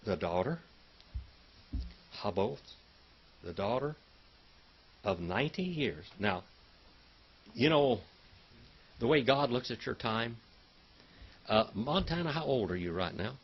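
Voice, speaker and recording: A man's voice: medium pitch, very animated, slow, pauses often, husky, highs cut off. A man teaching a Bible Hebrew class in a folksy, chatty way, calling on students by name and drilling word meanings. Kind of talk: classroom lecture.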